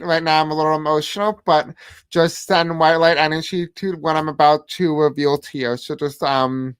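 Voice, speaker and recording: A person giving a tarot reading to their viewers in a halting way, often pausing and repeating the same phrases while laying out cards. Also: medium pitch, steady tone, clean tone, dry recording. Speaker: tarot reader. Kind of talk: casual tarot reading to camera.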